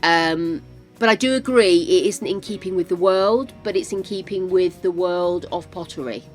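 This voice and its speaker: An older woman chatting to viewers while playing a game on a live stream, easily excited. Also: fairly low pitch, normal speed, faint music behind. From United Kingdom. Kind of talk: casual live-stream chat while gaming.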